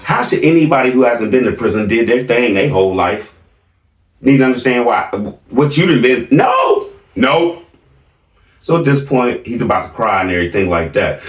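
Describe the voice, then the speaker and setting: A man's voice: mid-range voice, lively intonation, a little slow, long pauses, recorded from a distance. A middle-aged man casually telling a family story to his viewers, emphatic and often asking "right?". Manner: emphatic, keeps checking in with "right?". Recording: roomy, from off the mic.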